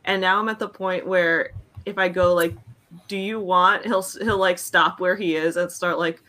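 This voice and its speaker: Bright-voiced young woman chatting. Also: on the low side, steady tone, normal speed. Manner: chatty, laughs often, acts out her dog's reactions. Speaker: podcast co-host. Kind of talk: casual chat.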